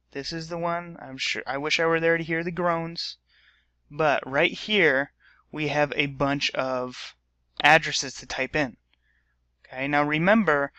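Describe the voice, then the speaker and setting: A male high school teacher recording a computer lesson for his class while a substitute covers, upbeat and often checking in with "okay?". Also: sharp tone, dry recording.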